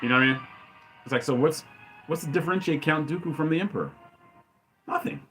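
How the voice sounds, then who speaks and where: A man giving opinionated, ranting fan commentary as a channel host, with loud outbursts. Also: on the high side, fast talker, soft background music. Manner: ranting, exclaims loudly.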